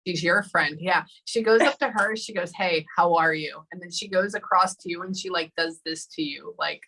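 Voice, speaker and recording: A woman giving a casual live reading, often pausing and dropping into soft whispers. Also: lowish voice, breathy edge, rough recording. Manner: casual, pauses often with "hold on" and drops to whispers. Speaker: psychic medium.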